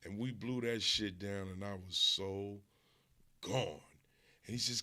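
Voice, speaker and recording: Gravelly, laid-back male storyteller. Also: fairly low pitch, moderate pace, pushed and bright. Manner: laid-back, profane, laughs often. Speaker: host. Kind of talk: casual storytelling.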